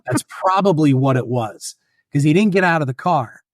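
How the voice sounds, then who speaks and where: Animated male podcast guest storyteller. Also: on the high side, normal speed, dry recording, clean studio sound. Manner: animated, acts out voices in anecdotes. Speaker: guest filmmaker and author. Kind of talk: casual storytelling.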